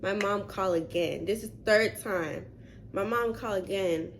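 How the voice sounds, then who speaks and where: A woman in her twenties telling a story to her viewers in a vlog, animated and chatty, full of "like" and "y'all". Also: mid-range voice, moderate pace, a little hiss or hum. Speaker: vlogger.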